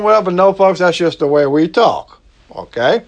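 A middle-aged man with a Southern Cajun accent, preaching a sermon in a slow, folksy way and stretching out his key words. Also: high-pitched. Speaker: pastor.

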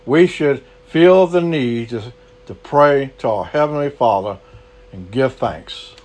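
A man's voice: medium pitch, lively intonation, slow, darkish tone. A man preaching a sermon, earnest and repetitive, stretching words for emphasis.

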